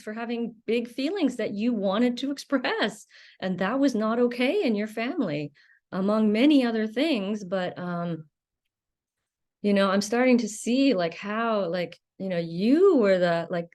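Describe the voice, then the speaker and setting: A woman hosting her own channel, talking gently to camera with many pauses and fillers, offering warm reassurance. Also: medium pitch. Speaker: channel host. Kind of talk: casual talk-to-camera advice.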